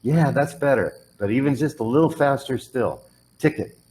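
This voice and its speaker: A man's voice: mid-range voice, animated, normal speed, darkish tone, rough recording. A man teaching English pronunciation one on one, patiently modelling words and correcting the learner's drills.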